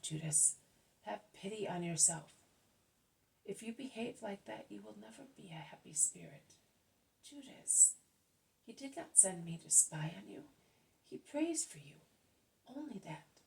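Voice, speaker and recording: A woman reading aloud voices a gentle, sorrowful mother who pleads softly, often sinking into a half-whisper. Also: mid-range voice, expressive, measured pace, vocal fry, distant mic, low-quality recording. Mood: pleading.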